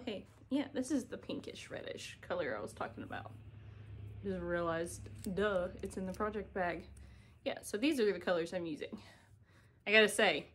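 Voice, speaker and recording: A woman chatting casually to camera at home as a cross-stitch vlogger, giggly and self-deprecating, filmed by a camera set on an ironing board. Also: mid-range voice. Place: home, indoors.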